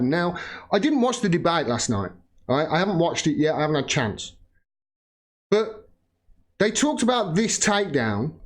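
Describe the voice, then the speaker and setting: A British man in his forties hosting a political livestream, ranting angrily with frequent swearing and bursts of laughter. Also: fairly high pitch. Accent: British English. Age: 40s. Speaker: political YouTube host.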